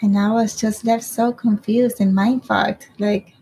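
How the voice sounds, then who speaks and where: A woman's voice: mid-range voice, little pitch movement, measured pace, warm tone, slight background noise, low-quality recording. A woman casually telling a personal story in a rambling way, swearing freely and often asking "right?".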